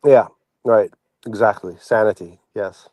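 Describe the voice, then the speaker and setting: A man's voice: on the low side, unhurried, a little mellow, no room sound. A man chatting as a guest on a livestream, rambling and opinionated, with many fillers. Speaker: regular guest. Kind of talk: casual livestream chat.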